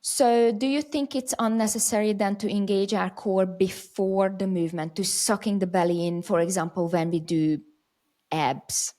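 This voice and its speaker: A woman's voice: medium pitch, steady tone, moderate pace, mellow. Woman host asking reflective questions. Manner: asks probing questions, reflective. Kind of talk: conversational interview.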